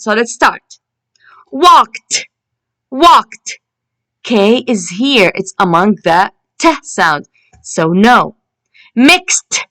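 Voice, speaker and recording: A woman teaching an English phonics lesson, repeating each word slowly and stretching out its ending. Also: medium pitch, bright, forceful tone.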